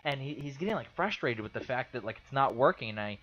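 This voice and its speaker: This young Californian co-hosts a podcast, speaking quickly at medium pitch. He's an animated storyteller in casual chat, loudly acting out the people he quotes. The recording has a dull lo-fi sound.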